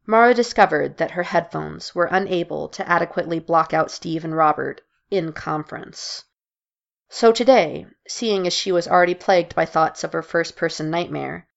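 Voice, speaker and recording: A woman reads a dark story aloud in a low, gravelly voice with plenty of vocal fry. Her delivery is measured and steady, captured in a dull, lo-fi recording. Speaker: narrator. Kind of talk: scripted narration.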